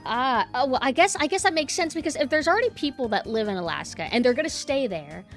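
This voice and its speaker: A woman's voice: high-pitched, animated, fast talker, faint music behind. A young woman streamer chatting casually with her viewers and ranting bluntly, swearing freely.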